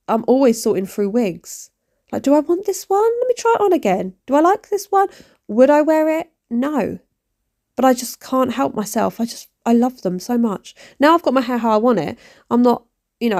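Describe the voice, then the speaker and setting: A woman, rambling and poking fun at herself in a cleaning vlog voice-over. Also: medium pitch. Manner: rambling, self-mocking, animated. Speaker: vlogger. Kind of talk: chatty voice-over while cleaning.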